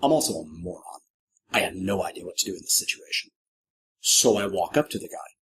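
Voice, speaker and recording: Wry middle-aged man telling a lively story. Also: fairly quick, slightly rough. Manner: lively, acts out quoted voices with big pitch jumps; self-deprecating, wry humor. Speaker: podcast guest, professional clown. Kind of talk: animated anecdotal storytelling.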